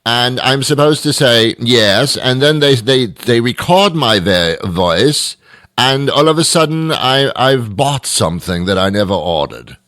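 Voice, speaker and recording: Animated British man hosting a talk show. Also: mid-range voice, measured pace, no room sound, clean studio sound. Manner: animated, mock-indignant, rambling. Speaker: radio host. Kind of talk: comic talk radio monologue.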